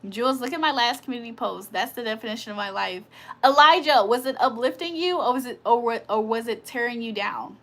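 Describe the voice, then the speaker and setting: A woman's voice: fairly high pitch, animated, a little fast, a bit bright. A woman hosting a casual livestream, reading viewer comments aloud, teasing them and laughing often. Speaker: livestream host.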